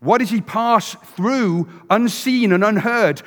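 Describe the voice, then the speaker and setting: Male preacher, expressive storyteller who shifts between loud and hushed, recorded in a big echoing sanctuary. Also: high voice, slow. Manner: animated storytelling, acts out voices, swings from loud to hushed. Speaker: pastor. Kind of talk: sermon. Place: church sanctuary.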